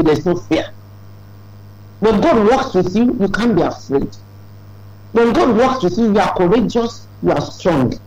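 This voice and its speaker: A man preaching a sermon, emphatic and rising into high exclamations. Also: expressive, a little slow, a little mellow, poor audio.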